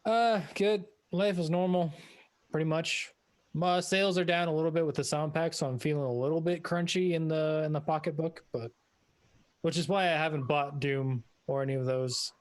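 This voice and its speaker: A man's voice: on the high side, fairly even intonation, normal speed. Brief: man, gaming-chat player, upbeat, calls people dude. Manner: enthusiastic, says man and dude, swears. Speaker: tabletop game player. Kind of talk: casual chat.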